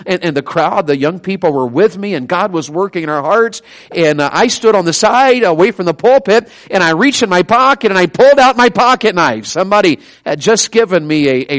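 A man preaching a sermon, telling stories and swinging from loud emphatic cries to quiet, low asides.

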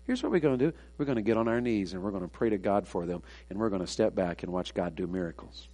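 A man preaching a sermon, swinging between loud, emphatic preaching and hushed, confiding storytelling. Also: on the low side, expressive, quick pace. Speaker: pastor.

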